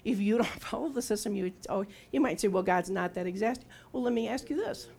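Gravelly and darkish, a mid-range female voice moves fairly quickly over a little hiss or hum as a woman in her sixties preaches a testimony-style sermon. She questions her listeners and acts out quoted lines of her own and God's speech.

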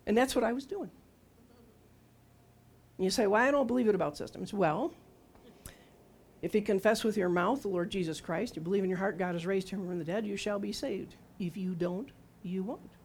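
A woman's voice: medium pitch, a little mellow. Woman in her sixties, sermon, testimony style, talks straight to the congregation, acts out quotes. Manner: conversational, testimony-style, asks the audience questions; acts out her own and God's words in quoted lines. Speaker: preacher.

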